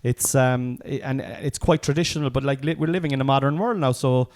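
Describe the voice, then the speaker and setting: An Irish man chatting casually on a podcast, animated and swearing freely. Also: medium pitch, fairly quick. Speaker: podcast co-host, former referee.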